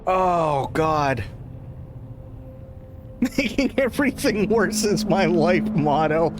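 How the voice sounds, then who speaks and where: A man's voice: sits high, expressive, slow, background noise. A man streaming a role-play game, rambling through jokes with frequent laughter and casual swearing.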